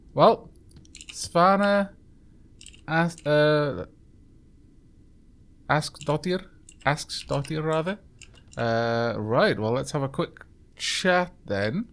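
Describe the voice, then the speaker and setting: A man's voice: fairly high pitch, a bit bright. A man hosting a game let's play, chatting casually with many fillers and reading the game's dialogue aloud. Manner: chatty, many ums and uhs, reads game text aloud.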